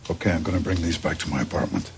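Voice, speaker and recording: A deadpan, solemn customer in a film comedy scene. His voice sits extremely low with a gravelly fry. He asks each question with total gravity. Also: very fast, noisy background, exaggerated voice. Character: grave, deadpan grown man buying kids' cereal.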